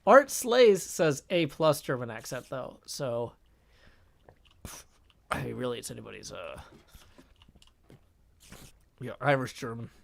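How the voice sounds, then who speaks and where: This man's medium-pitched voice swings widely in pitch, moves at a measured pace, and carries vocal fry and long pauses. He chats casually while gaming on a live stream, thinking aloud, breaking off mid-sentence, and replying to chat.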